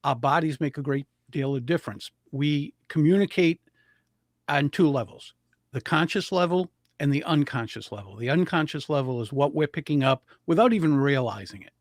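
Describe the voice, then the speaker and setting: A man who coaches public speaking, talking as a guest and explaining voice and breathing techniques with animated demonstrations. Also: a little high, normal speed, dry recording, studio quality. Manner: animated, demonstrates vocal intonation.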